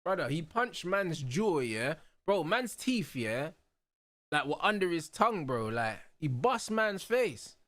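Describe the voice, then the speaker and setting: A young man hosting a live football watch-along, talking excitedly in heavy slang and laughing loudly. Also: a little high, measured pace, no echo. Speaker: host.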